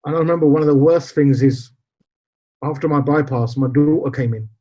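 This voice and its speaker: Brisk and dark-toned yet fairly high in pitch, a man in his forties guests on a podcast, telling a personal story where he acts out quoted dialogue and slips in Punjabi. The recording is lo-fi and a bit dull.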